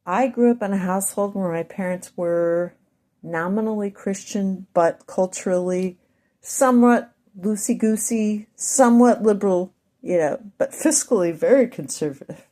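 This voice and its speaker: A woman with a Midwestern accent delivers a meandering monologue to her audience, pacing her words slowly and deliberately. Her voice sits at a middling pitch with a mellow, darker tone. She drifts into asides and catches herself mid-thought. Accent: Midwestern American. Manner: deliberate, speaks slowly on purpose; wandering, self-interrupting asides. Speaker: vlogger. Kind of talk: rambling monologue to camera.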